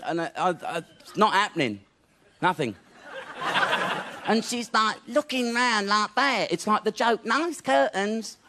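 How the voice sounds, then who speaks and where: A male stand-up comedian tells a bawdy story, chuckling through his lines. His voice sits high and swoops all over, and loud noise sits under the recording. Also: expressive, measured pace, long pauses. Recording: very noisy recording.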